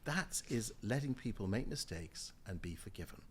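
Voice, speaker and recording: A man's voice: fairly low pitch, moderate pace, a little hiss or hum. An older man from Jamaica and the UK, a guest in a podcast interview, speaking emphatically and telling stories with frequent laughter. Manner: emphatic, lively storyteller, laughs often. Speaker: guest, member of the House of Lords.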